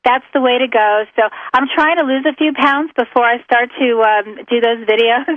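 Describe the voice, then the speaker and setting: Woman guest, high-ish voice, dry muffled radio-style sound, animated, acts out quotes. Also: moderate pace, dry recording. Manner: animated storyteller, laughs often, acts out quotes. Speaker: guest author. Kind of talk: casual interview chat.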